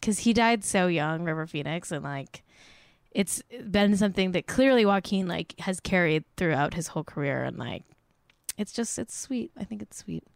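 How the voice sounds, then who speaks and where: A woman's voice: fairly low pitch, animated, moderate pace, gravelly, dry recording, clean studio sound. A young woman hosting a casual celebrity gossip podcast, chatty and self-mocking, swearing now and then and saying "like" a lot. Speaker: podcast host.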